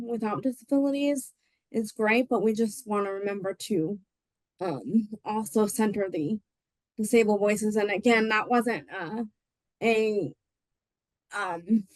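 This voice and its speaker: A woman's voice: medium pitch, no room sound, low-quality recording. A woman giving a casual webinar presentation, rambling with lots of fillers and restarts. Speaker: presenter on voting rights.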